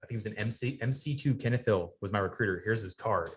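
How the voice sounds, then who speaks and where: A man in his forties, a guest in a podcast studio, telling an animated, profane story and acting out the people in it. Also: lowish voice, fast. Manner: animated storyteller, acts out quoted people, swears freely. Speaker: podcast guest, retired Navy sailor. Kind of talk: casual storytelling interview.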